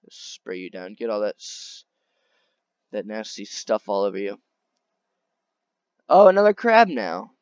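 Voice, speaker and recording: A man chatting through a video game in a casual, excitable way, often talking straight to the creatures on screen. His voice swings widely up and down in pitch. The sound is dry and a little dull, like a simple home setup. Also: unhurried, long pauses, no room sound. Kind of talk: casual gameplay commentary.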